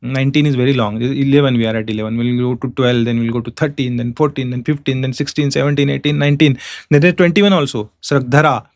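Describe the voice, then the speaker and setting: Man teaching with clear dry voice. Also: medium pitch, fairly even intonation, no room sound. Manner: explains step by step, chants verses slowly in meter. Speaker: Sanskrit teacher. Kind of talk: online class lecture.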